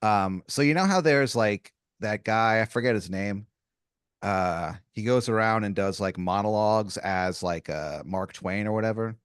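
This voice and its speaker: A man's voice: fairly low pitch, measured pace, clear, resonant tone, no room sound, studio quality. Rambling man setting up a bit. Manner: rambling, hesitant setup full of restarts. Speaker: podcast host. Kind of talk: improvised comedy podcast.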